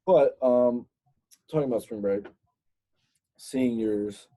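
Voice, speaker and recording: Young podcast host with a dark husky voice. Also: male voice, medium pitch, slow. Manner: relaxed, chatty, prompts the guest. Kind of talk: casual chat.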